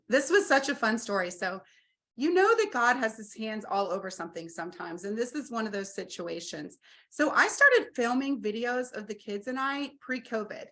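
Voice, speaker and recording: A woman in her forties, telling her story as an interview guest and acting out quoted dialogue with energy. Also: a little high. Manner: animated, acts out quoted dialogue. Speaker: guest, RV business owner.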